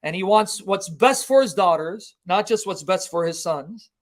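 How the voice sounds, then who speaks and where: Guy preaching on a livestream, high voice, really fired up, keeps asking the audience do you see. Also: lively intonation, moderate pace. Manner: impassioned, emphatic, rhetorical questions to the audience. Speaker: Christian preacher and apologist. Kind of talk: livestream Bible teaching.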